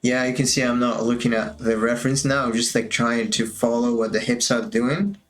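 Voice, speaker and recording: A man's voice: mid-range voice, steady tone, normal speed, faint music behind. A man casually thinking aloud as he walks through his animation work on a stream, musing and drifting a little, with a touch of self-amusement.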